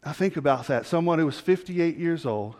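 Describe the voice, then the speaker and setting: Male pastor, sermon storyteller, slightly high voice, long hall echo. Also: lively intonation, brisk. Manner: storytelling preacher, drops low and quiet for emphasis, rises for appeals.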